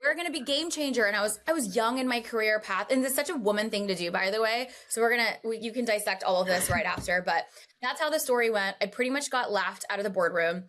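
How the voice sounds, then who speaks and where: Woman, podcast guest, casual storytelling, animated, chatty, middle pitch. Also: fast. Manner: animated, chatty, full of asides.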